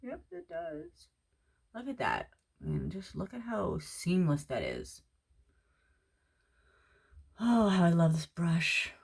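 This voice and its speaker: A middle-aged woman from Florida chatting casually at home as she does her makeup, talking to a friend and sometimes dropping to a soft whisper. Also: lowish voice, wildly swooping pitch, slow, vocal fry, pauses often, husky. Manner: chatty, talks to a friend while doing makeup, drops to soft whispers at times. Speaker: makeup vlogger. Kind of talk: casual makeup tutorial chat. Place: at home during quarantine.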